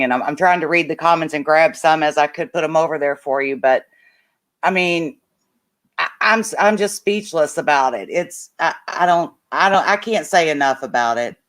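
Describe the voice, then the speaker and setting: A woman hosting an interview, chatty and warm, with frequent ums. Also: low-pitched. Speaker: host. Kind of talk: casual interview chat.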